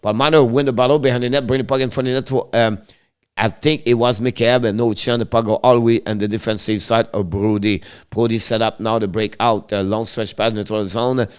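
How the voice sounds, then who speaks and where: A man with a French accent calls a hockey game play by play for a live stream, tracking each pass in quick, broken English. His voice sits low. It stays smooth and clear. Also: fairly even intonation. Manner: rapid running commentary in broken English, names each pass. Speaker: play-by-play commentator and stream host.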